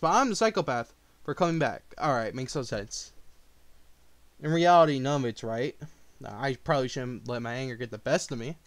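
Lively, swearing young man ranting. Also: fairly high pitch, no room sound. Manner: defensive and profane, swings between grumbling and yelling. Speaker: channel host reacting to a diss track. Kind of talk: heated casual reaction rant.

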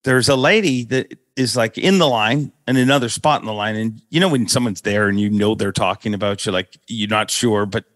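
Middle-aged guy hosting a chat show, lively storyteller, dry close sound. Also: on the low side, brisk, few pauses, no echo. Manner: animated, laughing storyteller. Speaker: podcast host.

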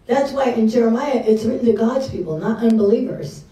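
A fairly high-pitched, dark-toned woman's voice, slightly fast with lively intonation, comes from a middle-aged speaker at a church women's session. She gives an open, conversational sermon in a church hall, often dramatizing her own reactions, and the room sounds echoey and distant.

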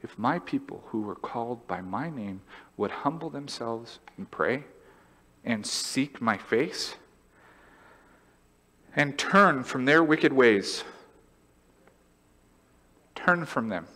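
Animated man preaching in a reverberant church. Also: mid-range voice, takes it slowly, pauses often. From California. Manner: animated, storytelling, acts out voices and laughs. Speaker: pastor. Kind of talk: sermon. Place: church sanctuary.

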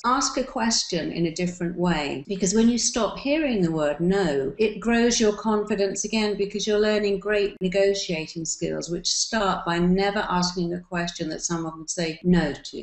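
A woman's voice: fairly low pitch, moderate pace, few pauses. A woman giving a motivational self-help talk, coaching listeners and acting out little everyday dialogues. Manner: warm-hearted coaching, acts out little dialogues. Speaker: hypnotherapist giving advice. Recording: roomy echo.

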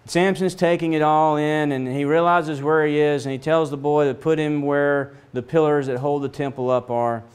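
A middle-aged man teaching a Bible lesson in a lively storytelling way, acting out the voices of the people in the story. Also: normal speed, hardly any pauses, clear, resonant tone. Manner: storytelling, acts out voices with big pitch swings.

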